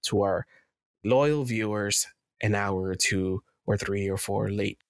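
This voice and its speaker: A man's voice: on the low side, slow, smooth, dry recording, clean studio sound. A man hosting a casual gaming podcast, joking and rambling with restarts. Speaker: podcast host and editor. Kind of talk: casual chat.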